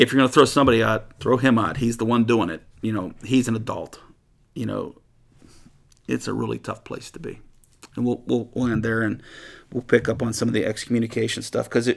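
Gravelly-voiced man teaching the Bible. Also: mid-range voice. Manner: conversational, restarts often, animated stretches. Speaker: pastor leading a Bible study. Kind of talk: informal Bible teaching and prayer.

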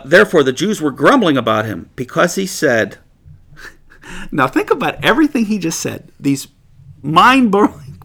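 A man teaching through a Bible passage in a sermon, reading verses aloud and then paraphrasing them in a lively, conversational way. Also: a little high, vocal fry. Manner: animated, reads scripture aloud then paraphrases it conversationally, laughs often.

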